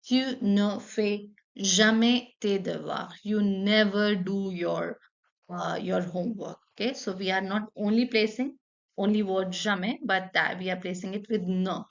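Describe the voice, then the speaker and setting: A woman's voice: mid-range voice, steady tone, normal speed, creaky, muffled recording. Patient woman teaching a French lesson. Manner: patient, explains step by step with repeated examples. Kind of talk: online language lesson.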